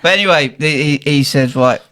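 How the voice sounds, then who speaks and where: A man's voice: fairly high pitch, fairly quick. A man co-hosting a podcast, telling rowdy stories in casual chat, laughing often and acting out the people he quotes. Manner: animated, laughing, acts out quotes. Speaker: podcast co-host.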